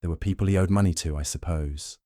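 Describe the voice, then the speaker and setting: A man voicing a shaken, wary young noblewoman who answers in a hesitant, halting way in an audiobook. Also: low voice, fairly even intonation, mellow, no echo, clean studio sound, natural voice. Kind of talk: audiobook narration.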